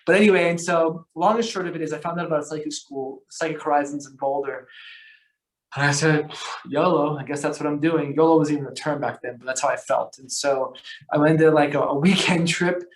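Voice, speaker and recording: Male podcast guest, rambling storyteller, slangy, slightly high voice. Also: brisk. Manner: rambling, animated, lots of fillers and restarts; slangy, calls the host bro. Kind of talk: casual storytelling conversation.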